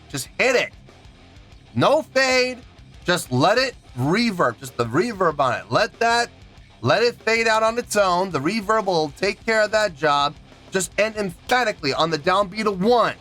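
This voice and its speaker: Guy ranting hard about a song, high voice bouncing all over, counts beats out loud. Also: lively intonation, a little slow, faint music behind. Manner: emphatic and indignant, counts out beats aloud. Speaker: music reaction reviewer. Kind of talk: animated rant reviewing a song.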